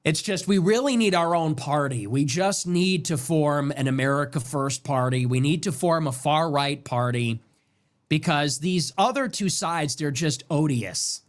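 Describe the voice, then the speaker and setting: A man hosting a political talk show, delivering a heated, profane and sarcastic monologue, his voice jumping up sharply when he gets worked up. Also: a little slow. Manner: pitch jumps up sharply when agitated.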